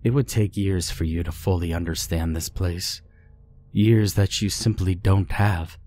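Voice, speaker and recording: A man's voice: unhurried, dark tone, a little hiss or hum. A man voicing a sad, resigned ghost woman who speaks in a tired, heavy way. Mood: weary. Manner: tired, heavy, low-voiced.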